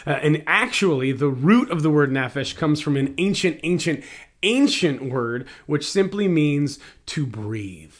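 A man's voice: fairly high pitch, expressive, unhurried. A man preaching a sermon, reflective, mixing scripture with a family story and rhetorical questions to the congregation. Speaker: pastor.

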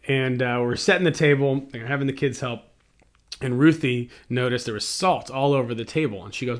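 A man preaching a sermon, reflective, mixing scripture with a family story and rhetorical questions to the congregation. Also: medium pitch. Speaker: pastor.

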